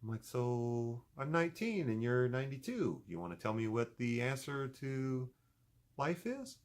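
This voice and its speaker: A middle-aged man talking straight to his viewers in a loose, motivational vlog. His pitch jumps around a lot, and he swings between loud, emphatic bursts and low mutters. He mixes jokes and swearing into his advice. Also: very animated, a little slow. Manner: profane, joking. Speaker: video blogger.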